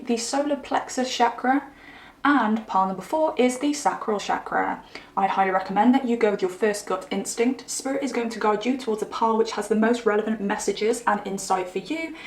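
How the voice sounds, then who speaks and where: A woman giving a chatty pick-a-card tarot reading, musing aloud with frequent asides. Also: on the high side. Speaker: tarot reader. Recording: roomy echo.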